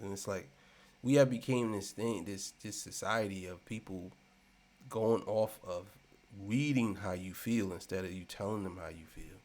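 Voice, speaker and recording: A man giving a casual commentary rant, repeating himself and swinging between loud and soft. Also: low-pitched, moderate pace. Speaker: commentary channel host.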